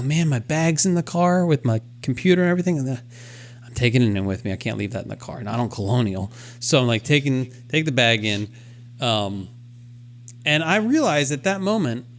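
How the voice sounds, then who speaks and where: A man co-hosting a podcast, telling a self-deprecating story in casual chat and acting out his own thoughts as he goes. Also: medium pitch. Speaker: podcast co-host.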